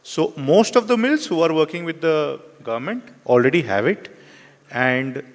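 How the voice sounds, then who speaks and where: A man's voice: fairly high pitch, lively intonation, moderate pace. A man, a rice miller on a panel, explaining things in plain, practical terms. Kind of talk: panel discussion answer. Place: conference hall. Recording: reverberant conference hall.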